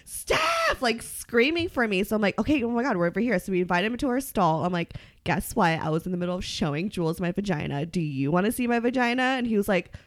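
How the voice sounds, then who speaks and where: A woman's voice: medium pitch, fast, few pauses. A young woman hosting a casual chat, slightly tipsy, bubbly, laughing often as she retells stories. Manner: bubbly, laughing, quotes herself in dialogue. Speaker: podcast host.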